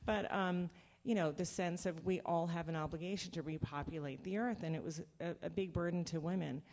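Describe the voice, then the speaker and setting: A woman panelist speaking in a thoughtful, measured way. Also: lowish voice, fairly even intonation, a little mellow. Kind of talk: panel talk.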